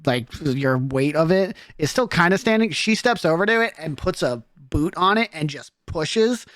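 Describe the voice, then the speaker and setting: A man's voice: on the high side, lively intonation, normal speed, a bit bright, no room sound, clean studio sound. A man narrating a tabletop game as game master, in a loose, filler-heavy way.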